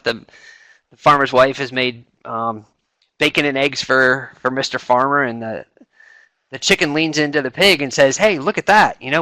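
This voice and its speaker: A man's voice: mid-range voice, bright, forceful tone, no room sound. A middle-aged man speaking on a webinar as a senior enlisted advisor, talking conversationally with many fillers and restarts. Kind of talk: informal talk to a webinar audience.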